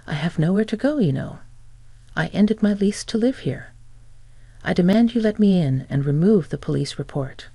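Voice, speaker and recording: A woman's voice: fairly low pitch, lively intonation, normal speed, gravelly, mellow, husky, no room sound, exaggerated voice. A woman reading as a demanding older mother-in-law. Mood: indignant. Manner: demanding, indignant.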